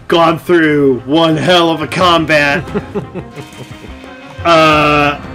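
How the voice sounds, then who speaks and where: Slow-talking male game master. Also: fairly high pitch, fairly bright tone. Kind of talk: narrating a tabletop game.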